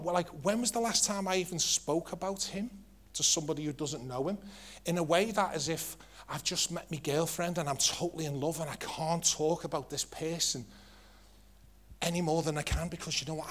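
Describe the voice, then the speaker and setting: A middle-aged man with an English accent preaching a sermon to his church in a lively, joking, conversational way. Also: a little high, a little fast.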